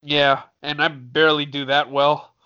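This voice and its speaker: A man co-hosts a casual podcast with dry, wry humor, often slipping into mock-formal phrasing. His voice sits a little high, and the sound is muffled and lo-fi. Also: flat delivery, unhurried, pushed and bright, clean tone. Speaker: podcast co-host. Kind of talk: casual chat. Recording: dull lo-fi sound.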